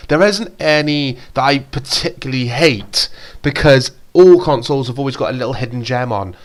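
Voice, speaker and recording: A man in casual conversation as co-host, with a mid-pitched voice. He speaks enthusiastically and rambles at times, restarting his sentences. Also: lively intonation, moderate pace. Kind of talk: casual chat.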